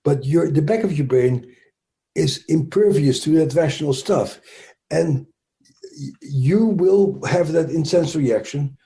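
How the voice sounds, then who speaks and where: A man's voice: a little high, a little slow, creaky, mellow. A man with a Dutch accent, a trauma expert speaking as an interview guest, explaining thoughtfully with frequent restarts and fillers.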